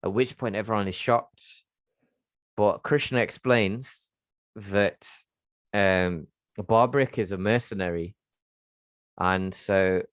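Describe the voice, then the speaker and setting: A man leading a scripture reading class, retelling a sacred story in a halting way with many fillers and restarts. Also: lowish voice, no room sound.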